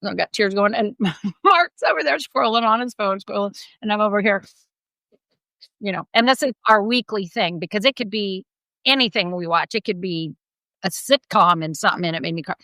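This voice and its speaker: Chatting casually on a podcast she co-hosts, a middle-aged woman spins lively stories, often laughing and acting out what people said. Her voice is mid-range at normal speed, captured in a rough recording without any room sound.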